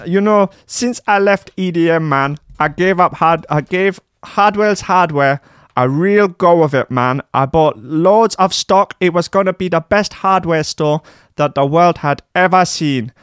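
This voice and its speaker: A man voicing a whiny, boastful male DJ in a high, strained, nasal whine, in a dry room. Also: a little slow, a bit bright, clear, resonant tone, dry recording.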